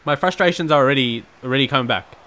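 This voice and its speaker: A young man giving live, excitable commentary on his own video game match, with quick outbursts of frustration. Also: mid-range voice. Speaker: gaming channel host.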